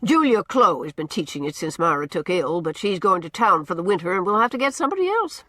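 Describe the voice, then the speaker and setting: A woman voicing a brisk, outspoken older village woman with blunt, gossipy opinions. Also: lowish voice, big pitch swings, a bit bright, no echo.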